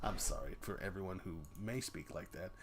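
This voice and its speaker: A man's voice: low-pitched, a little fast, a crowd in the background. A man hosting a casual work stream, playful and jokey as he chats. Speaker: streamer host.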